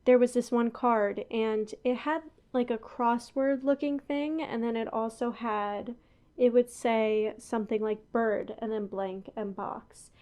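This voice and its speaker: Young female podcast host, slightly high voice, loose rambling delivery full of asides. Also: steady tone, unhurried, dull audio. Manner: chatty and rambling, with frequent laughs and asides. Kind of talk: casual chat. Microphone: headphones on, talking into a podcast mic.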